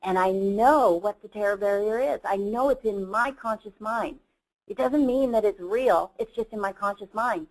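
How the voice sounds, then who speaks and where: A woman's voice: medium pitch, poor audio. A middle-aged woman, a company CEO, giving a motivational seminar talk and telling an earnest personal story.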